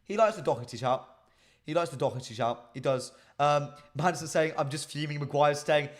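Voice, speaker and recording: This livestream host is a man with a slightly high voice who talks a little fast. He's running a casual football stream, chatting directly to his viewers and peppering his talk with frequent ums.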